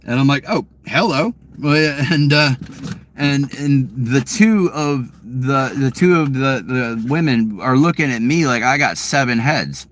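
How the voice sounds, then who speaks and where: A man's voice: medium pitch, measured pace, a little hiss or hum. A man vlogging from his car, telling a casual story in a rambling, profane way full of fillers and restarts.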